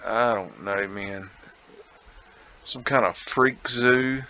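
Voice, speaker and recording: A man's voice: lowish voice, slow, sharp tone, lo-fi sound, slight background noise. A man talking casually over a photo slideshow as host, musing aloud, laughing and rambling. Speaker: vlog host.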